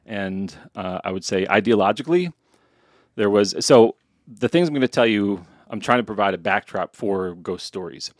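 A man's voice: lowish voice, lively intonation, moderate pace, dry recording, clean studio sound. A man hosting a podcast in a chatty, playfully wry casual chat. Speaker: podcast host.

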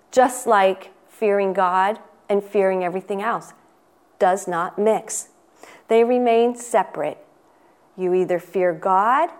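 Slow, earnest woman giving a devotional. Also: fairly high pitch. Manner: earnest, asks the listener questions, reads quotations; unhurried, emphatic. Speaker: Sunday school teacher giving a devotional. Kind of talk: devotional sermon.

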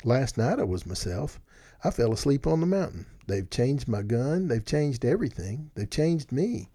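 A man's voice: medium pitch, sing-song, normal speed, dark tone, slightly rough. A man voicing a bewildered, ragged old villager who has lost track of time, speaking in a confused, pleading way.

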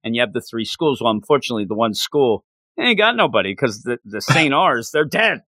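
A man co-hosting a casual chat, animated and excitable, slipping into quoted voices. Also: mid-range voice, a little fast, no echo, clean studio sound. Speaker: podcast co-host.

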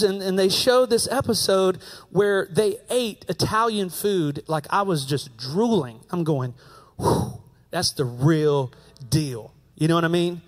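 An American man preaching a sermon in a high, light voice. He tells his story in a chatty, conversational way and keeps circling back to repeat his key phrases. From United States. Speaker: pastor.

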